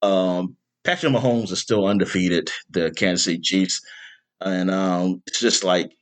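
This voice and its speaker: A man hosting a podcast in casual chat, rambling with lots of fillers and bursting into loud exasperation. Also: low-pitched, unhurried. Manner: rambling, animated, with many fillers. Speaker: podcast host.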